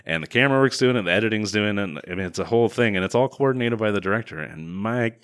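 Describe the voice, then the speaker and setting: A man's voice: on the low side, animated, rapid-fire, a bit bright, smooth. A man co-hosting a casual movie review chat, sardonic and acting out the characters he quotes. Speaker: podcast co-host reviewing a film.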